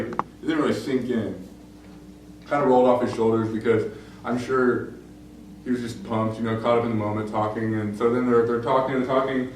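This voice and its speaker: A young man preaching a casual sermon, telling a story with lots of fillers and acting out the quoted lines. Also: medium pitch. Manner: conversational, many fillers, acts out quoted lines. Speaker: pastor. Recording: very echoey room, distant mic, faint noise.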